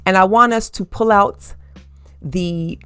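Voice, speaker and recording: A woman's voice: medium pitch, slow, clear, resonant tone, no room sound. A woman hosting her own podcast, delivering a sassy, emphatic commentary monologue with frequent laughter and casual swearing. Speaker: podcast host.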